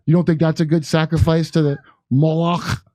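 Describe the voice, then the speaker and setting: A man riffs loosely and sarcastically, swearing as he goes. His voice sits a little high, and the recording is dry with almost no room sound. He talks in a casual, rambling way. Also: flat delivery, normal speed, darkish tone, no room sound. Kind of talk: casual political chat.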